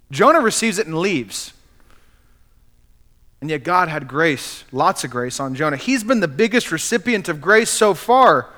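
A man's voice: fairly high pitch, lively intonation, measured pace, sharp tone. A man preaching a sermon as pastor, earnestly acting out the quotes he cites.

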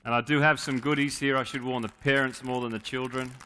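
A man's voice: mid-range voice, steady tone, quick pace, sharp tone, clear, resonant tone. A man leading a playful, joking children's talk at a church service, coaxing kids to answer.

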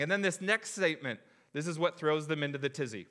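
A young man preaching a sermon in an animated, joking way, acting out the crowd's reactions. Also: fairly high pitch, a little fast. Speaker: pastor.

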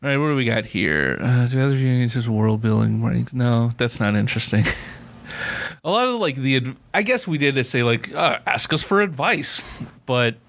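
A young man with a flat General American accent and a light Southern California lilt, rambling through a casual podcast chat. He laughs often and says "like" constantly, with a voice of middling pitch. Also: normal speed, vocal fry, a little hiss or hum. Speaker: podcast host.

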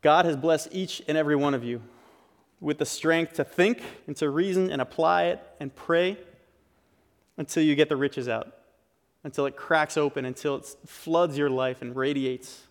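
A man's voice: on the high side, normal speed. A male pastor giving an earnest, conversational sermon in a church, often restarting his phrases as he builds a point. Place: church sanctuary. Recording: long hall reverb.

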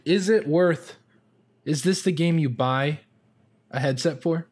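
A man co-hosting a podcast, asking measured questions in casual chat. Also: on the high side, a little mellow. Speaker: podcast co-host.

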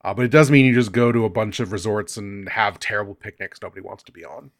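A man's voice: lowish voice, fast talker, dry recording, studio quality. Laid-back man riffing on a film. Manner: laughs often, swears, loose rambling phrasing. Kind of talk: casual film discussion chat.

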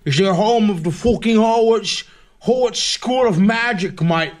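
A man's voice: high-pitched, measured pace. A man voicing a crude, boastful British bloke in a put-on British accent, rowdy and tacking "mate" onto every line. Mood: brash. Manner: rowdy, keeps adding "mate" and "oi".

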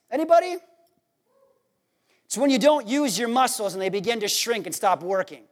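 A man preaching a sermon in an animated, worked-up and jokey way. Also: sits high.

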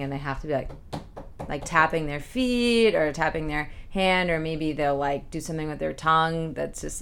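A woman's voice: sits low, a bit bright, clear, resonant tone. A woman from the United States co-hosting a podcast, chatting casually and often saying "like". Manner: chatty, lots of "like" fillers. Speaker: podcast co-host. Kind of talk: casual chat.

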